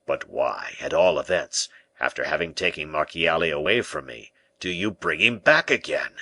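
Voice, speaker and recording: A man's voice: extremely low pitch, lively intonation, normal speed, vocal fry, bright, forceful tone, voice pushed down, full character voice. A man voicing a frightened, flustered prison governor in an audiobook, his lines full of panicked exclamations. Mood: panicky. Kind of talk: audiobook character reading.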